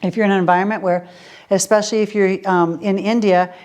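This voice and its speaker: Speaking fast in a steady, slightly mellow mid-range voice, this essential oils instructor runs an informal Q&A class with a group. She illustrates her points with ordinary examples and poses rhetorical questions to her students.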